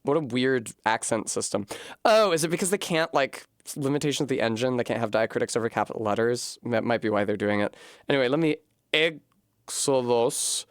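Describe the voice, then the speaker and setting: A man's voice: medium pitch, fast, no room sound, studio quality. A man streaming a video game, chatting casually, thinking aloud as he sounds out foreign words and swearing freely. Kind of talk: casual live-stream gaming commentary.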